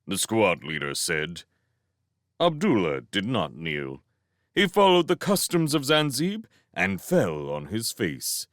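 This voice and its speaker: A man narrating a novel in a slow, unhurried way, his low voice rising and falling with lively expression. The reading is dry and close with no room sound. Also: dry recording. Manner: expressive storytelling. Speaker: reader of a novel. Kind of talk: fan audiobook narration.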